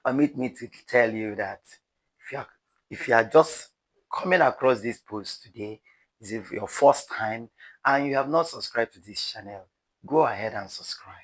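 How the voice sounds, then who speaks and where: A man's voice: mid-range voice, moderate pace. A man with a Nigerian accent giving dramatic, pleading commentary to his viewers as a news vlogger. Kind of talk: animated commentary to camera.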